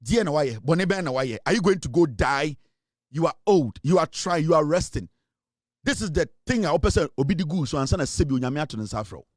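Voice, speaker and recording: A man's voice: on the high side, animated, fairly quick, no echo, studio quality. A Ghanaian man giving impassioned political commentary, switching between Twi and English and pressing repeated rhetorical questions.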